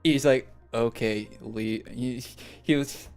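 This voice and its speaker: A young man streaming a game chats casually, rambling through stories about school and laughing as he goes. His voice is medium-pitched and steady, and he takes his time. Faint music plays in the background.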